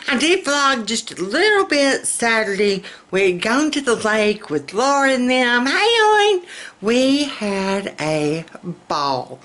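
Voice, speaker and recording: Middle-aged southern lady vlogging in her kitchen, talks slow, kinda slurry from denture glue, folksy and giggly. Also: mid-range voice, a bit bright. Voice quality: slightly slurred from denture adhesive. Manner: chatty, folksy, laughs often. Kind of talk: casual chat.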